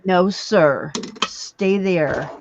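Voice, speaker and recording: A woman's voice: lowish voice, very slow, creaky, muffled recording. A woman hosting a late-night crafting livestream from home, chatting casually, laughing often and scolding her cats. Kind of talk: casual chat while crafting.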